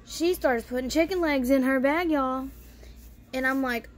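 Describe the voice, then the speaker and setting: A woman's voice: sits high, measured pace, faint music behind. A woman vlogger telling a family story in casual style, bluntly and with free swearing. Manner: blunt, swears freely, lots of "you know" fillers.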